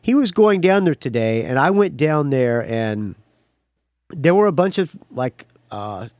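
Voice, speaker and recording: Man, podcast host, casual rambling monologue, slightly high voice, very lively pitch, dry close sound. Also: unhurried, no room sound. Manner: rambling storyteller, acts out quotes loudly.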